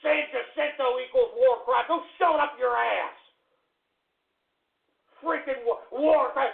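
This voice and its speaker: A man's voice: very high voice, unhurried, gravelly, pauses often, slightly rough. A man hosting a comedic radio show, ranting crudely and brashly in mock fury. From Texas. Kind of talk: comedic call-in radio rant. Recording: tinny lo-fi phone-like audio.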